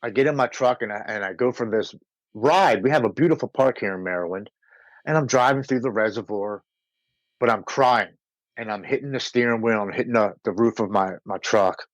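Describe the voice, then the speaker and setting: A man's voice: on the low side, a little fast, no echo, rough recording. An American man, a podcast guest, telling his recovery story in an earnest, emotional way, sometimes repeating words as he goes. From United States. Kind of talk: personal recovery story told in conversation.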